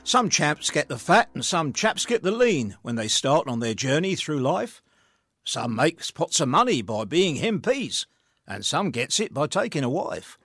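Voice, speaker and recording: A grumbling street watchman, as a man recites him telling his hard-luck tale in bouncing verse. His voice is fairly high and swings widely. The sound is dry. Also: very animated, unhurried, a bit bright, husky, dry recording, soft background music, full character voice. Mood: rueful. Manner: rhythmic, rueful storytelling. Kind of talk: recited comic verse monologue.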